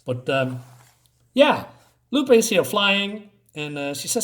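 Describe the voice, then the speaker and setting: A man's voice: sits high, big pitch swings, slow pace, a bit bright. Hesitant man reviewing comics. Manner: hesitant, many fillers and restarts.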